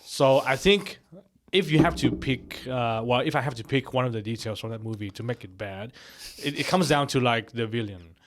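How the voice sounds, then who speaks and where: Male podcast co-host, hesitant, mid-pitched, casual chat. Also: moderate pace. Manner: mostly brief agreeing interjections, hesitant when he talks longer. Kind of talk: casual movie review chat.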